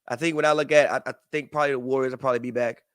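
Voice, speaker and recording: A man's voice: mid-range voice, fairly even intonation, very fast, smooth, no echo, clean studio sound. Laid-back man hedging his takes. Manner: laid-back, hedging, repeats himself, swears. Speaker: podcast co-host. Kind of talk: casual basketball talk.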